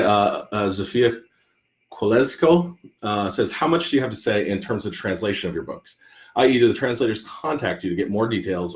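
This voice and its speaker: A man, an author hosting a live Q&A stream, chatting casually and rambling with many restarts and fillers. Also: fairly low pitch. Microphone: computer or phone mic on a live stream.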